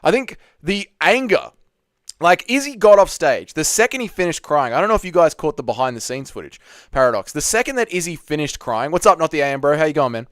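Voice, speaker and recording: A man's voice: a little high, expressive, a little fast, fairly bright tone, no room sound, studio quality. A young Australian man hosting a casual livestream, chatty, greeting viewers by name and swearing freely. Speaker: livestream host. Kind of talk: casual live chat reading viewer comments.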